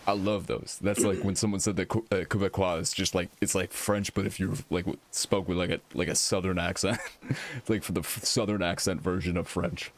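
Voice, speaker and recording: A man's voice: deep voice, steady tone, a little fast. A man streaming, chatting casually and reacting with slang and laughter.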